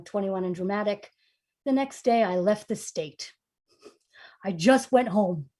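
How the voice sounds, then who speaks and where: A woman from New York telling a funny personal story on stage, lively and self-mocking, swinging from hushed to loud. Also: a little high. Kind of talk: humorous personal storytelling performance.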